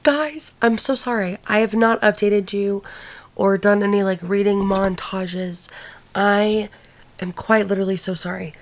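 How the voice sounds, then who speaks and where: A woman's voice: medium pitch, steady tone, a little slow. Brief: woman, 20s, book vlogger, casual rambling chat, plenty of fillers. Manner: chatty and rambling, full of "like" and "literally".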